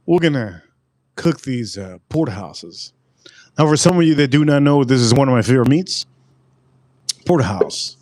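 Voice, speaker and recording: A man's voice: medium pitch, animated, normal speed, darkish tone. A man hosting a casual livestream, rambling and joking with plenty of swearing. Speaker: livestream host.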